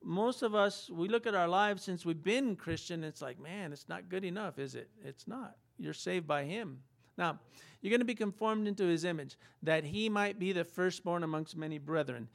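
High-voiced man preaching conversationally. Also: moderate pace, gravelly. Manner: conversational preaching with rhetorical questions and acted-out quotes. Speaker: pastor. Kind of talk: sermon.

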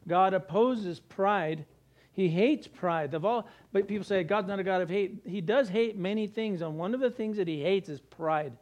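A middle-aged man preaching a sermon, animated, with jokey asides and acted-out quotes. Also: high-pitched, normal speed. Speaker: pastor.

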